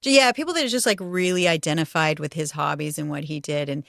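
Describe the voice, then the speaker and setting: A woman's voice: low-pitched, brisk, creaky, fairly bright tone, dry recording, studio quality. A middle-aged woman co-hosting a podcast, chatty and giggly, often restarting her sentences. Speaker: podcast co-host. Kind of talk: casual podcast chat.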